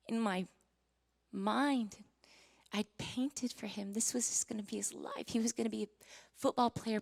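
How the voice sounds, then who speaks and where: A woman in her forties giving a sermon testimony, telling her story with strong feeling, acting out what was said, rising to near-shouting and dropping to whispers. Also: medium pitch. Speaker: Christian singer giving a testimony. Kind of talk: sermon testimony to a live audience.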